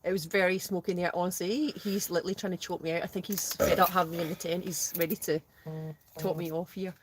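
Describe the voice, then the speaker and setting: A woman's voice: lowish voice, steady tone, fast talker, slight background noise. A woman chatting casually in a smoky tent on a live stream, reading out comments and laughing often. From Scotland. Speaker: guest, host's sister.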